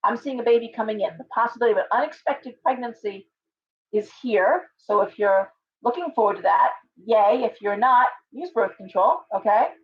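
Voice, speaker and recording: A woman hosts a casual tarot reading on a livestream, chatting and rambling with restarts and asides. Her voice sits on the high side with lively intonation at a normal speed. The stream audio is dull and lo-fi.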